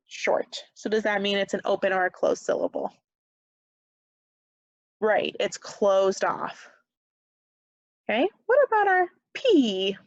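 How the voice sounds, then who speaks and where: A woman teaching second grade phonics over video, slow and patient, pausing for the children to answer, with a slight Upper Midwest American accent. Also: mid-range voice, no echo. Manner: slow, patient, encouraging, leaves pauses for answers. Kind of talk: remote phonics lesson. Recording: dull, dry lo-fi webcam sound.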